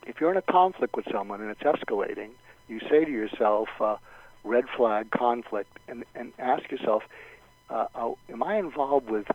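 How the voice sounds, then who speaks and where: A man speaks at a moderate pace in a dry recording with dull, low-fidelity radio sound. He is a guest on a radio talk show, giving advice step by step and acting out sample lines of dialogue.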